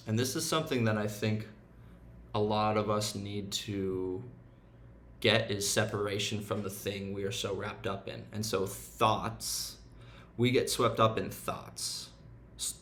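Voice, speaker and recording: A man's voice: lowish voice, a bit bright, slight background noise. Profane, blunt young man ranting. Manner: profane, blunt and self-mocking, slips into mumbling asides. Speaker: self-help vlogger. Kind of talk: casual motivational rant.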